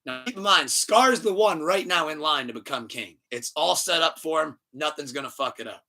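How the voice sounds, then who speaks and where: Animated, foul-mouthed male podcast host. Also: fairly high pitch, normal speed. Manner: animated storyteller, profane, laughs often. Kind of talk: casual podcast chat.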